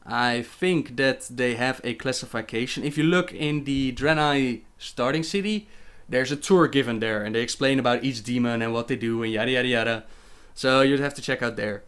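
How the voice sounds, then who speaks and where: A man's voice: medium pitch, normal speed, a bit bright, clear, resonant tone. A young man with a Dutch accent, hosting a casual livestream where he reads viewer questions aloud and answers them chattily.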